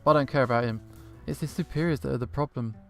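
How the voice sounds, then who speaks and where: A sharp-tongued female dragon scientist from a visual novel, read aloud by a man, dry and dismissive in every line. The voice sits in a plain middle register. Soft game music hums underneath. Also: medium pitch, fast talker, creaky, lightly acted. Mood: irritated. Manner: dry, sarcastic, dismissive reading.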